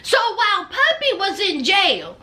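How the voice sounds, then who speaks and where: Sassy, high-voiced woman vlogger. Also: wildly swooping pitch, measured pace, sharp tone. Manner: sassy, gossipy, addresses viewers as child and honey. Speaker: reality TV recap vlogger. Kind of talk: casual recap commentary.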